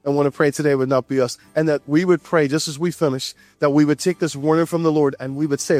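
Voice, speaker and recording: A man with a high voice delivers a sermon to his church, animated and repeating his points for emphasis. The sound is dry and close, with faint music playing behind him. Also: fast talker, few pauses, no room sound. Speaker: pastor.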